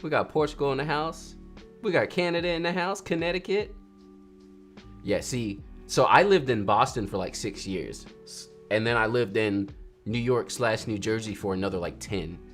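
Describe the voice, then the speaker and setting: With faint music playing behind, a lively man in his 30s from North Carolina, USA, jokes around on his photography livestream. His medium-pitched voice moves at normal speed as he reads viewers' messages out loud and acts out quotes.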